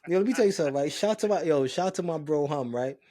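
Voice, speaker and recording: Brooklyn dude on a podcast, new york accent, loud animated storytelling, cussing a lot. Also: male voice, fairly high pitch, fast talker. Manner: animated storytelling, acts out voices; swears freely. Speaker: podcast co-host. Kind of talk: casual banter.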